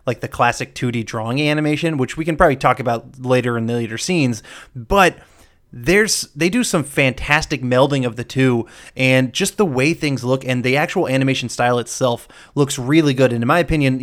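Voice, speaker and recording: Man, podcast host, casual movie chat, blunt, curses freely, middle-pitched voice.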